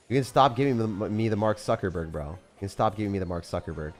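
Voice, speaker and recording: A man streaming gameplay, chatting casually with viewers in a slangy way, with sudden loud excited outbursts. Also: lowish voice, fast, hardly any pauses, slight background noise. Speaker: gaming streamer.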